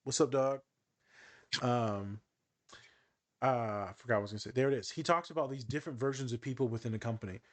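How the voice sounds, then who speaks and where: A man co-hosting a podcast in casual chat, animated and joking with sarcastic asides. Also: mid-range voice, fast, pauses often. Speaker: podcast co-host.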